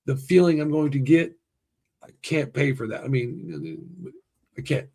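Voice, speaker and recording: A man hosting a livestream in casual chat, talking excitably, swearing a lot and restarting his sentences. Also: fairly high pitch, normal speed, gravelly, husky. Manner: profane and excitable, heavy restarts. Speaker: livestream host.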